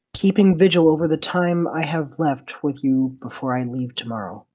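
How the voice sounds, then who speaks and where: A woman's voice: low-pitched, a little mellow, slightly rough, pitched below the performer's own voice. A woman reading aloud as a loving young male noble who writes a heartfelt farewell letter, earnest and tender.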